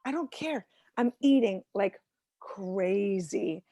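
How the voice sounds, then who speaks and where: A woman in her forties doing a stand-up comedy set over a video call from home, self-mocking and animated, acting out voices and shouting punchlines. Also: medium pitch, slow, dry recording, clean studio sound.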